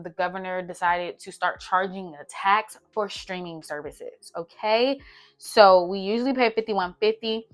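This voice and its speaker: A young woman, chatting casually through her budget and talking to herself as she adds up numbers. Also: fairly low pitch. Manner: chatty, talks to herself while doing math. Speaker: budgeting vlogger.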